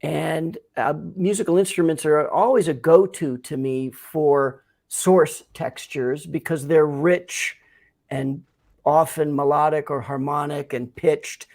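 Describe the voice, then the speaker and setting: An older man, a sound designer guest, explaining his work in a measured, thoughtful way in a casual interview. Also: on the high side, fairly even intonation, darkish tone.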